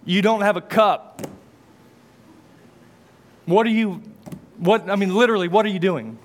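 A man's voice: high voice, unhurried. A male preacher voicing a skeptical, sarcastic woman at a well, dry and incredulous.

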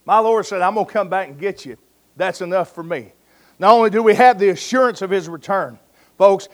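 A man preaching a sermon, telling stories in a folksy way and calling his listeners friend and folks. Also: sits high.

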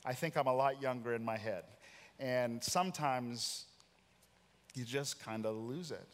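A pastor in his forties preaching a sermon, telling a personal story with animated, self-deprecating humor. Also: medium pitch, unhurried. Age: 40s. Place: large church auditorium. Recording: church hall reverb.

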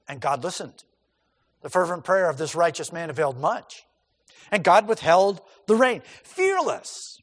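A male pastor preaching a sermon, animated and emphatic, asking rhetorical questions and repeating words for stress. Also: high voice, moderate pace. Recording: long hall reverb.

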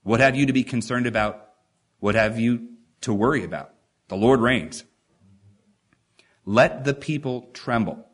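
Man, preacher, emphatic sermon, rising rhetorical questions, mid-pitched voice. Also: unhurried, pauses often, breathy edge. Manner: emphatic, rhetorical questions, reads scripture with stretched stresses.

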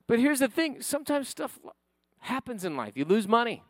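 A high-pitched male pastor telling a personal story from the pulpit and rising to fervent, emphatic preaching. The sound is dry and close. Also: big pitch swings, moderate pace, no room sound.

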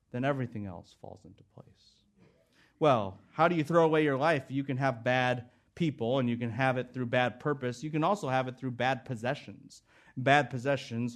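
A middle-aged man delivering a sermon from the pulpit in an earnest, emphatic way. His voice sits a little high for a man, and he stacks phrase on phrase to drive each point home. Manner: earnest and emphatic, building through repeated phrases. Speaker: preacher. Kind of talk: expository sermon.

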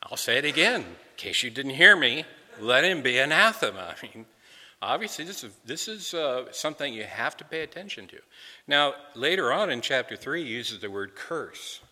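A man's voice: mid-range voice, lively intonation, normal speed, sharp tone, in a large hall. A man preaching an earnest expository sermon, often repeating words as he restarts a phrase.

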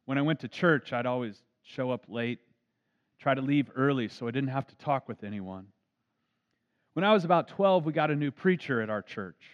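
A man's voice: mid-range voice, animated, moderate pace. A man, a pastor, preaching an earnest storytelling sermon. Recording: dull lo-fi recording.

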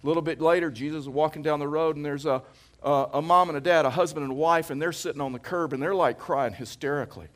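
Pastor with a fairly high, conversational voice. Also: male voice, fast talker. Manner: conversational, anecdotal preaching with jokes; emphatic, repeats phrases for effect. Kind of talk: sermon.

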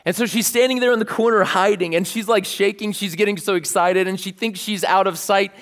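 A man's voice: sits high, brisk. Man preaching in a reverberant hall. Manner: animated, plays out scenes with sudden shouts. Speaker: pastor. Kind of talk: sermon with storytelling. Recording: long reverb of a large hall.

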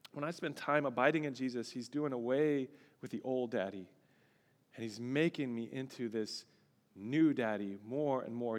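A male pastor preaching a sermon, telling a personal story with expression and building to a fervent exhortation. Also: mid-range voice. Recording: long reverb, large hall.

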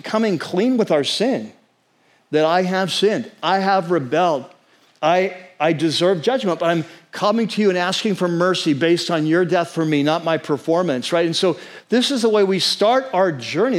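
A man with a fairly high voice delivers a sermon as the pastor. He talks in an earnest, conversational way, often asking his listeners "right?" He slows down to spell out and stress key words.

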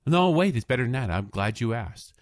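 A man co-hosting a casual podcast, pitching gadget gifts like a salesman and spelling web addresses in the phonetic alphabet. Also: very animated, brisk, no room sound, clean studio sound. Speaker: podcast co-host presenting tech gifts.

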